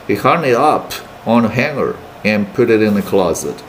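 A man teaching English, reading a novel aloud in steady plain narration with brief Mandarin asides. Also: on the low side, moderate pace, a little hiss or hum.

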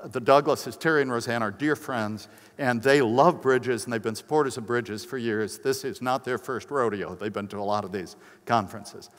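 An older man preaching at a conference in an easy, conversational way, slipping into other voices for the people he quotes. His voice sits at a middle pitch. It rings out with the long reverb of a big hall. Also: fairly bright tone. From United States. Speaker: pastor. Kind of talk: conference sermon with personal stories.

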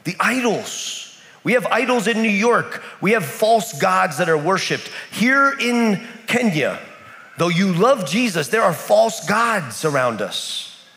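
Animated male preacher in an echoey hall. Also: high voice, slow, gravelly. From United States. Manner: storytelling with repetition. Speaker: pastor. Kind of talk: sermon. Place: church in Kenya.

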